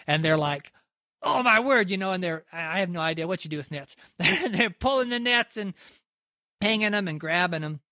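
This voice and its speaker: A man's voice: a little high, fairly bright tone, dry recording, studio quality. A man preaching by retelling a story in a loose, conversational way. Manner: conversational, lots of "like" and restarts. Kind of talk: sermon storytelling.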